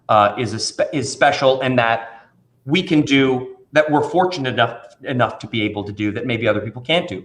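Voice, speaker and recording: A man who works as a children's magician talks in a relaxed interview. He tells stories with animated energy and slips into playful voices for the people in them. His pitch sits in the middle range. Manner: animated storyteller, acts out voices in anecdotes. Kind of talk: casual interview conversation.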